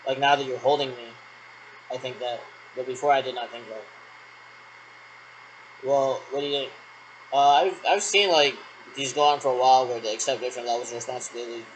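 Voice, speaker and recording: A man's voice: medium pitch, a bit bright, slight background noise, poor audio. A man in a rambling solo monologue who repeats himself and answers his own questions.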